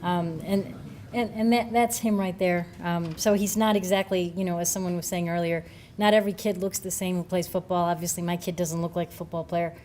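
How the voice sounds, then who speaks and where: A woman's voice: lowish voice, steady tone, brisk, darkish tone, slight background noise. A middle-aged woman, a brain injury researcher, giving a conversational talk to coaches with plenty of fillers and restarts. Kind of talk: conference talk.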